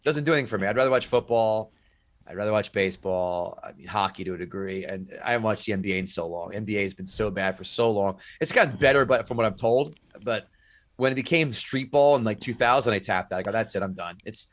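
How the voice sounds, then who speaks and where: A man's voice: lowish voice, fast, no echo. A man trading profane, blunt sports trash talk in a casual podcast chat. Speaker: podcast guest.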